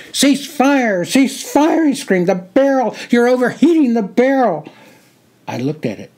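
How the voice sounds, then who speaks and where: An older man narrating his own memoir in a measured, plain storytelling voice. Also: medium pitch, darkish tone, breathy edge. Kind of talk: reading a personal memoir.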